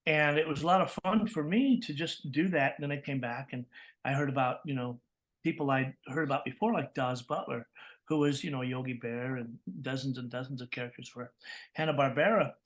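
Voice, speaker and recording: A man from California, a voice actor, telling stories in an interview with lively energy, laughing often and acting out the voices he quotes. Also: medium pitch, brisk. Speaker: guest, voice actor. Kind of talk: interview storytelling.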